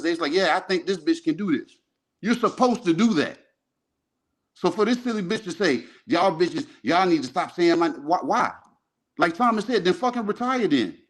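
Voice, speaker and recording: Heated, profane man arguing sports. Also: sits high. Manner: profane, animated, repeats himself. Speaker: podcast co-host.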